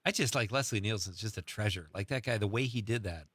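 A man's voice: lowish voice, quick pace, slightly rough, dry recording. A man hosting a live radio show, chatting casually with a guest and laughing often. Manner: lively, laughs often, reads verse aloud. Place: radio studio.

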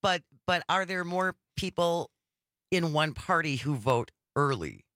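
A man's voice: on the high side, animated, a little slow, sharp tone, no echo, clean studio sound. A man co-hosting a political talk radio show, asking earnest questions in casual chat and restarting his sentences often. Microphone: studio microphone.

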